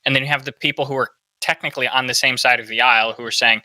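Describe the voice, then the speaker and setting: A man's voice: mid-range voice, fairly even intonation, rapid-fire, sharp tone, no room sound, rough recording. A man hosting a podcast, giving opinionated political commentary and asking "right?" often. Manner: opinionated, peppers talk with "right?". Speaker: podcast host.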